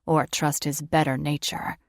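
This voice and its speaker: A woman reading an audiobook puts on a teasing, sarcastic young man with a lowered, gravelly voice. His lines come dry and mocking, pitched below the narrator's own. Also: flat delivery, measured pace, no room sound. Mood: sardonic.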